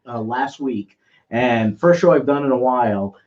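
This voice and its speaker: A man's voice: mid-range voice, unhurried, a little mellow. A male comedian co-hosting a podcast, chiming in and finishing the others' sentences in casual banter. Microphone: laptop mic. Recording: dull lo-fi laptop recording.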